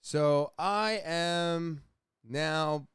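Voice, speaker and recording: A young adult man hosting a podcast, casually telling a rambling, profane story with animated retellings. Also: a little high, extremely slow, smooth, no echo, studio quality. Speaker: podcast host.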